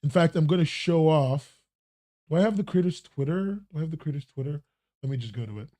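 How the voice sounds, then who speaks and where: A man's voice: on the high side, animated, a little fast, mellow, dry recording, studio quality. A man hosting a casual livestreamed news roundup podcast, rambling and restarting, swearing casually. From not American. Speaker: podcast host.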